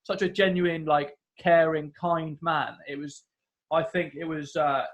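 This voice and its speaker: A man's voice: fairly high pitch, steady tone, unhurried. A man hosting a casual podcast interview, his voice sitting a little above the usual male range. He is eager and complimentary, asking questions with open enthusiasm. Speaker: podcast host.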